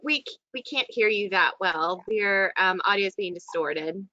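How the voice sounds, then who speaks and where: A woman's voice: medium pitch, expressive, moderate pace, sharp tone, a little hiss or hum. A woman moderating a support group on a video call, playful and joking. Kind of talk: casual video call hosting. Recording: muffled video call audio.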